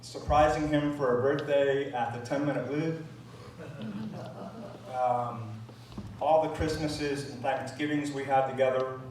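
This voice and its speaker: A middle-aged man speaking at a memorial gathering, reminiscing with frequent pauses and fillers. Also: mid-range voice, fairly even intonation, darkish tone, a little hiss or hum. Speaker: eulogy speaker. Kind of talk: memorial speech. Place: large room at a gathering. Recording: distant mic in echoey room.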